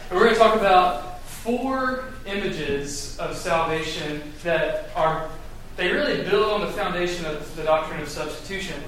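A man's voice: on the high side, fairly bright tone. A man leading a Bible study class, talking loosely with many fillers and restarts as he explains to a group. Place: echoey room with a group. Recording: very echoey room, mic far off.

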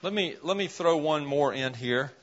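This man's voice runs on the high side and sounds animated as he moves at a normal pace through an interactive Bible lesson, quizzing the class and listing points on the board. There's slight background noise, and the classroom audio is dull and lo-fi.

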